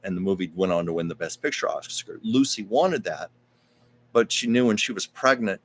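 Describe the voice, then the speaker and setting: A man's voice: sits low, animated, normal speed. Chatty male live-stream host. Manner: chatty, rambling, with frequent fillers and asides. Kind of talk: casual storytelling and reading viewer comments.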